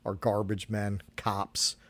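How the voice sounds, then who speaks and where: A man from New York co-hosting a casual political chat stream, talking in an animated, indignant way with lots of swearing. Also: fairly low pitch, slow, no room sound. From New York, Queens. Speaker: co-host.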